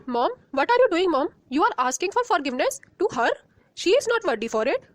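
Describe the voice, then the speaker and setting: A woman's voice: high-pitched, fairly even intonation, measured pace, no echo. A woman voicing a rude, spoiled young stepsister who talks in a snappy, dismissive way. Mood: scornful.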